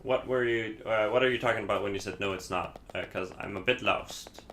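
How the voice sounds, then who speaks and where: A man's voice: on the low side, a little fast, a bit bright, slight background noise. A man from Iceland, a native Icelandic speaker, giving casual gameplay commentary in English, hesitant and rambling with many fillers. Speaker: streamer playing a game.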